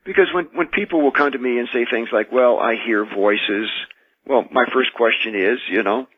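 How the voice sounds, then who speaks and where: This American man, an exorcist and minister, calls into a radio interview on a tinny phone line to recount what he has experienced. His medium-pitched voice sounds slightly rough, with lively intonation and a dry recording. His storytelling is measured and earnest, full of restarts.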